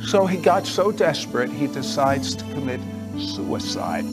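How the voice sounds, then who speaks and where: A man's voice: medium pitch, measured pace, few pauses, over music. A man hosting a Christian television talk show, retelling guests' stories with exclamations. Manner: animated, exclaiming storyteller with laughs.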